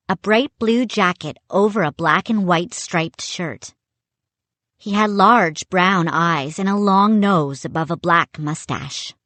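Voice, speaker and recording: A woman reading a children's chapter book aloud, in a slow, measured way. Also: fairly low pitch, a bit bright, no echo. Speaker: reader. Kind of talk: audiobook narration.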